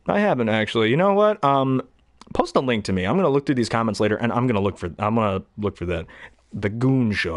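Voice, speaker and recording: A man's voice: medium pitch, animated, fast, no room sound, studio quality. A man and hobby voice actor chatting casually in a rambling, enthusiastic way. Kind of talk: casual chat.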